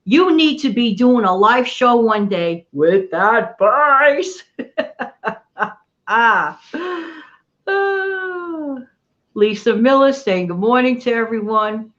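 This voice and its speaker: A chatty woman hosts her livestream from home, her voice rising and falling a lot as she greets viewers one by one. She sits a bit high for a woman and repeats her friendly phrases. The sound is dull and lo-fi. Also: lively intonation, drawn-out words, a bit bright. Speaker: channel host. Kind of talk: casual livestream chat and recipe reading. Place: home, New York area.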